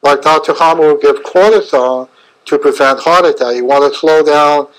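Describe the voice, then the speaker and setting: Halting middle-aged man lecturing a webinar. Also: a little high, low-quality recording. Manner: halting, fragmented phrasing with frequent fillers. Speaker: chiropractor presenting a webinar.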